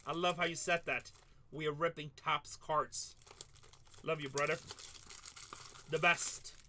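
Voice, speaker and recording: Bright-voiced man hosting card breaks. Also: fairly high pitch, fairly even intonation, a little hiss or hum. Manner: chatty banter with viewers, quick apologies. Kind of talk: casual live-stream chat.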